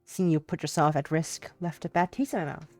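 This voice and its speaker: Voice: medium pitch, fairly even intonation, brisk, darkish tone, soft background music. Teary streamer reading game dialogue aloud. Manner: emotional, tearful reactions and swearing outbursts.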